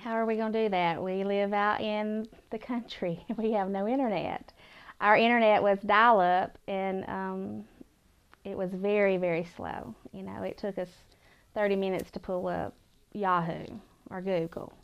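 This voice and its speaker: Mother, animated, smooth tone, dull distant audio. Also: mid-range voice, a little slow. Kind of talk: documentary interview.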